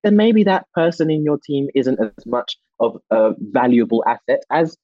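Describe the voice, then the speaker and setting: Young man, husky, passionate interview talk, dull dry sound. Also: moderate pace, dry recording. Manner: passionate, restarts often, rising pitch when animated. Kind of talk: candid conversational interview.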